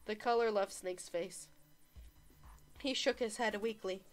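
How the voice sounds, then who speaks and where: Soft music plays behind a young woman with a medium-pitched voice who narrates a visual novel at a measured pace for her stream. It's a relaxed read-along, peppered with swearing, laughter, and joking interruptions.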